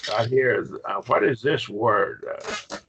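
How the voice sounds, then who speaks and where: A man's voice: medium pitch, takes it slowly, a bit bright, highs cut off, a little hiss or hum. A man teaching a Greek grammar class online, patient and questioning, with frequent okays.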